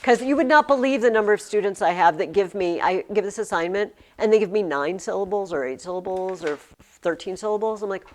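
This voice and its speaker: A woman teacher delivers a classroom lesson in a mid-range voice at a fairly quick pace. She speaks emphatically and often restarts her words, captured by a recording device in a classroom whose walls are hung with curtains.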